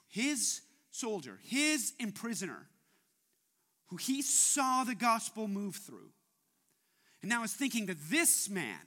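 A man preaching a sermon as pastor, talking in an animated way and often repeating his words as he goes. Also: sits high.

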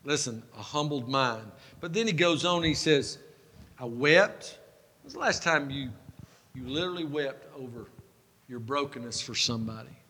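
A pastor preaching a sermon, folksy and self-mocking, building to fervent preaching. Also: male voice, mid-range voice, expressive, normal speed, bright, forceful tone, slightly rough. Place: church sanctuary. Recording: long hall reverb.

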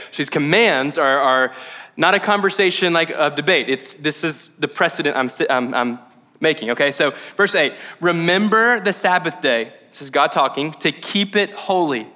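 A man preaching a sermon in a lively, conversational way, checking in with "okay?" and "right?" and tossing in jokey asides. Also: medium pitch, long reverb tail. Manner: jokey asides and acted-out quotes. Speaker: pastor.

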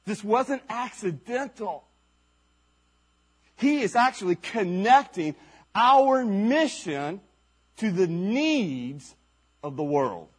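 Husky, lively high-voiced male preacher. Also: slow pace, pauses often. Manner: emphatic, with rhetorical questions and repeated phrases. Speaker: pastor. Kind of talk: sermon. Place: church service.

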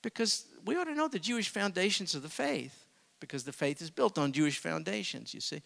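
A man preaching a sermon as pastor, swinging from hushed, intimate asides to booming emphasis. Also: animated, fairly quick, gravelly, long reverb tail.

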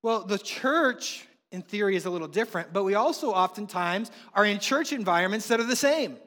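A man preaching a sermon as pastor, animated and acting out quoted voices as he tells stories. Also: high-pitched, brisk. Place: church hall with congregation. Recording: long reverb of a large hall.

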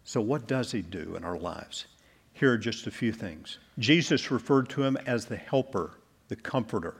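A man preaching a sermon as pastor, measured and deliberate, slowing down to stress key words. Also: on the low side, animated, creaky, husky.

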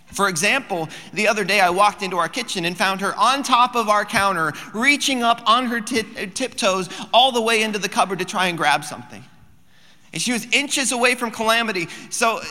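A man in his thirties, a pastor preaching a sermon, telling a family story and then rising into loud, emphatic preaching in a large church hall. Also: high voice.

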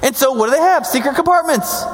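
A man teaching Bible stories in a casual, jokey way, animated and acting out quotes, with frequent "right?" asides. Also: very high voice, quick pace. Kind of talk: casual storytelling lecture. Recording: long hall reverb.

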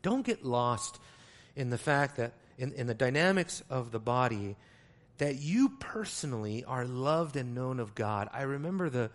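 A man preaching a sermon, teaching from the Greek text, moving between quiet asides and loud, stressed words. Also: medium pitch, lively intonation, measured pace. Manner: teaching, explains Greek wording.

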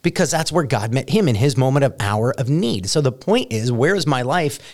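A man who is a pastor talking casually about faith, telling stories in an animated way. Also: mid-range voice, moderate pace.

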